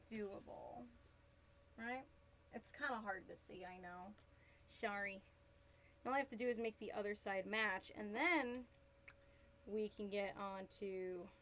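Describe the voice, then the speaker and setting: On a live stream with poor audio, a woman with a voice on the high side chats casually while crafting a cosplay. She rambles, laughs often and answers her chat.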